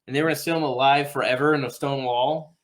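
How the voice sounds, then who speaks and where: A man's voice: medium pitch, fairly even intonation, fast talker. Chatty male podcast host sharing trivia. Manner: chatty, shares behind-the-scenes trivia, laughs often. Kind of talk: casual movie chat.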